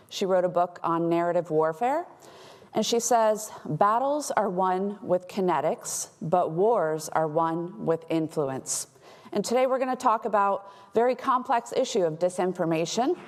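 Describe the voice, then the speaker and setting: A woman from Texas giving a conference talk as a threat intelligence analyst, explaining in a clear way with light humor. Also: lowish voice. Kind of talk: conference presentation. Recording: long hall reverb.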